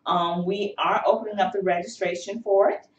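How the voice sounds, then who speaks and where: A woman's voice: medium pitch, fairly even intonation, normal speed. A woman hosting a health show, talking in an encouraging, faith-filled way with many fillers. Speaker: host. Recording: roomy, distant, dull sound.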